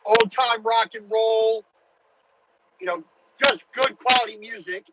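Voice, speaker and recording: A man's voice: very high voice, little pitch movement, unhurried, heavy background noise. A truck driver talking casually to his viewers while driving his truck, in a chatty, rambling way. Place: truck cab on the highway.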